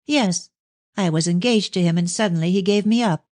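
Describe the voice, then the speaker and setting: A woman's voice: lowish voice, normal speed, a little mellow, no echo, studio quality, voice pushed up, lightly acted. A woman voicing a proud, indignant young woman who speaks crossly in a storybook reading. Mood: horrified. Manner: cross, agitated.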